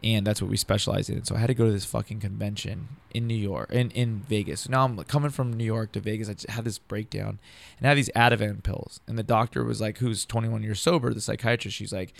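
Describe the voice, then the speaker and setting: A man's voice: lowish voice, fairly even intonation, quick pace, gravelly. A man, a stand-up comedian, telling a long rambling story in casual chat, swearing and saying "dude" constantly. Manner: rambling, profane, says dude a lot. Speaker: podcast guest, stand-up comedian.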